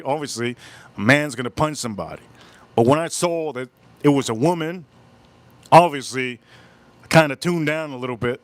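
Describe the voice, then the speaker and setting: A man hosting a live stream tells a story with lots of emphasis, often repeating his words. His voice sits a bit high for a man. The sound is dry, with no room echo. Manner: animated, emphatic, repeats phrases. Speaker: livestream host.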